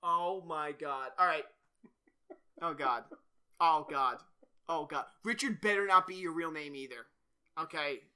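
A man's voice: a little high, a little slow, long pauses, sharp tone, smooth. A man hosting a podcast in casual chat, rambling, swearing and often laughing. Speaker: podcast host.

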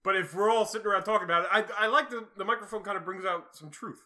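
A man's voice: high voice, pushed and bright. A young man hosting a casual podcast, joking and laughing with his co-host. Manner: joking, quick, laughs often.

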